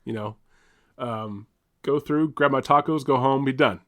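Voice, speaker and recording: This young podcast co-host speaks at a measured pace in a mid-range voice with a fairly bright tone. His long, casual story wanders and restarts, punctuated by swearing and laughter.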